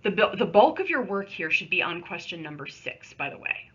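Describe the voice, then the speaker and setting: A woman teacher talks through a recorded online lesson, patient and conversational, with little asides as she works. Her voice is bright and a bit husky. The sound is dull and lo-fi, from a computer microphone. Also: on the low side, sing-song, brisk. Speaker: high school English teacher. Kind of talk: recorded remote lesson with screen share.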